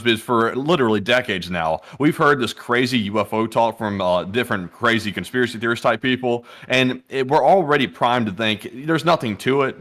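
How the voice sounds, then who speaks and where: A man's voice: fairly low pitch, fairly bright tone. A man hosting a casual livestream news show, chatting in a folksy way and reading viewer donations aloud. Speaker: host.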